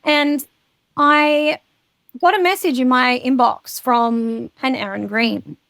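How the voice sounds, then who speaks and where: A woman's voice: high-pitched, takes it slowly, gravelly, a bit bright, smooth, dry recording. A woman, a podcast guest, telling her personal story frankly and casually, swearing freely.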